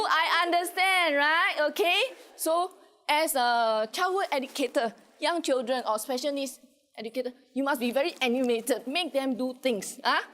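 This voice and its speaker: A woman with a Singaporean English accent, an educator giving an animated conference workshop and often checking in with her audience. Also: sits high. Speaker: early childhood educator presenting at a conference.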